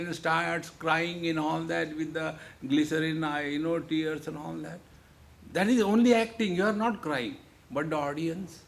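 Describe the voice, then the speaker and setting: A man's voice: on the high side, gravelly, a bit bright. A man giving a humorous spiritual discourse, joking and often repeating "see, friends". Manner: jovial, repeats "see, friends", playful asides. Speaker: spiritual teacher. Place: lecture hall.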